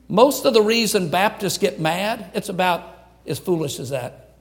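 An older man, preaching a folksy sermon and acting out quotes in lively voices. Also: high voice, normal speed. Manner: folksy, animated storytelling with acted quotes. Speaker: pastor.

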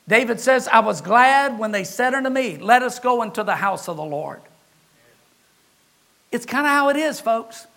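A man preaching a sermon as pastor, older, with impassioned delivery that rises to shouts on key words. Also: very high voice, expressive, normal speed, creaky.

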